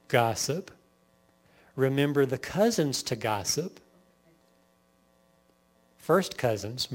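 A man preaching a sermon, firing off lists and rhetorical questions to his congregation. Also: medium pitch. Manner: lively preaching, lists sins in rapid bursts, rhetorical questions. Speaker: pastor.

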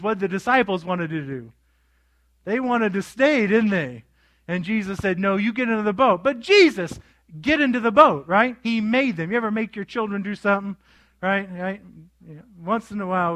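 A high-pitched male pastor delivers his sermon, acting out the scenes he retells. He keeps asking his congregation questions as he goes. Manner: animated storytelling with quoted voices, asking the congregation.

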